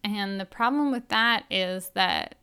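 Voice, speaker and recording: Woman, podcast host, candid, self-reflective, gentle, bright tone, resonant. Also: mid-range voice, unhurried, smooth. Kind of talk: personal reflective monologue.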